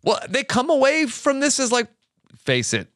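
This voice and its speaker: A man co-hosting a podcast, chatting in a relaxed way about a TV episode. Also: extremely high pitch, moderate pace, no room sound. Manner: relaxed, lots of agreeing murmurs and laughs. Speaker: podcast co-host. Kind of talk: casual TV recap chat.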